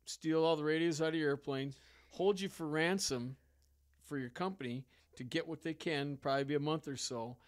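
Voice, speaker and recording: Guy spinning wild flying stories, higher voice, acts out all the characters, laughs a lot. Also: normal speed. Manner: animated storyteller, acts out dialogue, laughs often. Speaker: ferry pilot guest. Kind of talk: casual storytelling interview.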